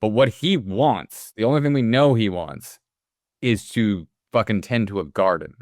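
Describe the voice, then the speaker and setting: Male podcast co-host, smooth clear voice, animated and offhand, dry sound. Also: lowish voice, no echo. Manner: animated, quick asides, swears casually. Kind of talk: casual film discussion.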